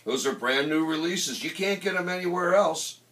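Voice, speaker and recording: A man voicing a calm, knowing secondhand record dealer who speaks in an assured way. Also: fairly high pitch, moderate pace, pitched above the performer's own voice. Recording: roomy, distant mic.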